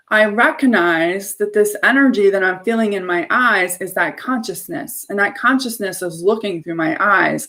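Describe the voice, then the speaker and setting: A woman's voice: medium pitch, fairly bright tone. A woman hosting a casual spiritual live stream, talking in an earnest, effusive way. She shares her own experience in a loose, storytelling flow. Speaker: live show host.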